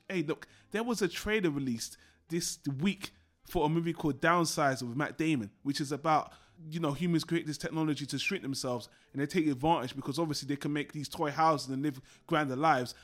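A man's voice: on the high side, a little fast, fairly bright tone. A man co-hosting a podcast, talking about films and cartoons he loves in an enthusiastic, nostalgic way. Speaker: podcast co-host. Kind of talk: casual film discussion.

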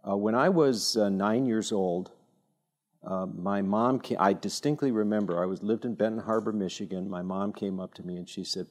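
A man giving an informal talk at a church evening, telling stories with self-deprecating humor and frequent halting restarts. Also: on the low side. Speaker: speaker at a church teaching evening.

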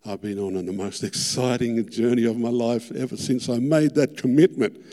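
Fervent Australian preacher in an echoing hall. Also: male voice, mid-range voice, steady tone, moderate pace. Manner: earnest, fervent, repeating words, rising to loud peaks. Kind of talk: sermon testimony. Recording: long hall reverb.

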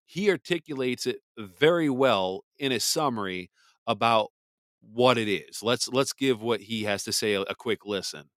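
A man's voice: medium pitch, moderate pace, fairly bright tone, no echo. Angry profane podcast host man. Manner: heated, profane, blunt. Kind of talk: angry commentary.

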